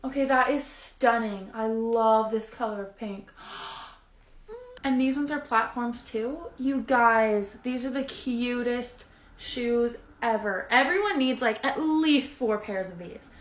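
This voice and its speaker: A young woman in a vlog who gushes with breathless excitement, gasping as she unboxes. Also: a little high, slow pace, roomy sound. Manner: gushing, breathless excitement with gasps. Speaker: influencer.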